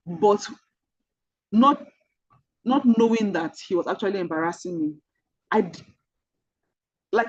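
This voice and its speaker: Her medium-pitched voice is a little mellow with a breathy edge, heard on a muffled recording with no echo. She has a Nigerian accent and mentors an online group, sharing personal stories earnestly, addressing listeners directly and repeating key points for emphasis.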